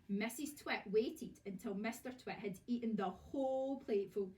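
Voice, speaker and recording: A woman teacher with a Scottish accent, reading a storybook aloud to children in a lively, expressive way. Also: a little high, moderate pace, hardly any pauses. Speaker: primary school teacher. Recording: voice from far off.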